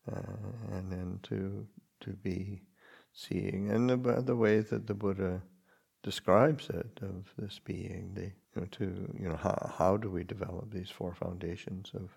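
A man, a Buddhist monk, giving a gentle dharma talk that halts and restarts often. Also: deep voice, creaky, husky. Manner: halting, gentle, with many restarts.

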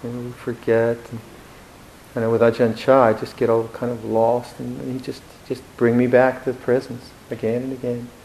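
A man giving a Buddhist dharma talk in a reflective, gently humorous way, with hesitant restarts. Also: mid-range voice, completely flat delivery, moderate pace, vocal fry, a little hiss or hum, rough recording. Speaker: Buddhist monk teacher.

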